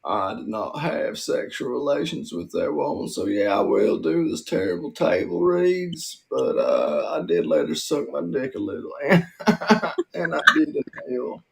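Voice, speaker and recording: A man's voice: mid-range voice, very animated, normal speed, gravelly. Man doing a sleazy drawling ex-president. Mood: smirking. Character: lecherous smooth-talking older male ex-president. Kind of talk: live audio-room comedy impression.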